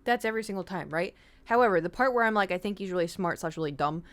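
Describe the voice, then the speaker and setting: A woman's voice: on the low side, animated, fast. A woman streamer chatting casually with viewers, telling a rambling story with swearing and the odd whispered aside. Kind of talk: casual chat.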